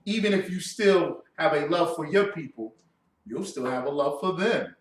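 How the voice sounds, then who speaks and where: Animated high-voiced man lecturing a class. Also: normal speed. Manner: animated, mocking and confrontational, with loud outbursts. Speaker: class instructor. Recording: echoey room, mic far off.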